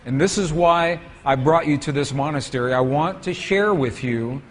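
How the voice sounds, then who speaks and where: A man's voice: on the high side, normal speed, slight background noise. A man giving a storytelling lecture with slides to an audience, asking them questions as he goes.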